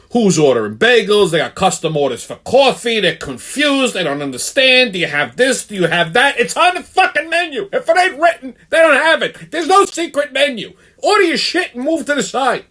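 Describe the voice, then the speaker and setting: A man's voice: on the high side, a bit bright. Profane ranting male host. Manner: profane, blunt, heated storytelling. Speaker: show host. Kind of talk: ranting monologue.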